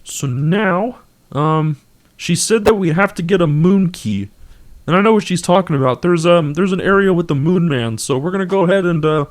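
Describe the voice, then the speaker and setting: A man's voice: high-pitched, animated, normal speed. A young man streaming a game, chatting casually in a rambling, laughing, self-mocking way through a desk microphone with auto-tune on. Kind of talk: casual gameplay commentary.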